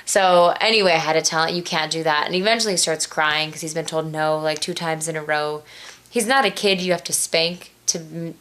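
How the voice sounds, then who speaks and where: A woman, a mother, telling a parenting story in a casual vlog, animated, with jumps up to act out voices and dips into a slow stern mom voice. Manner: animated, acts out quoted voices with big pitch jumps.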